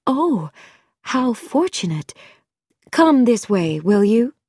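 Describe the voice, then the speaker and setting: A woman's voice: on the high side, sing-song, slow pace, a little mellow, husky, no room sound, studio quality, pitched above the performer's own voice, exaggerated voice. A woman reading a storybook, voicing a poised lady of the manor in a cool, polite tone.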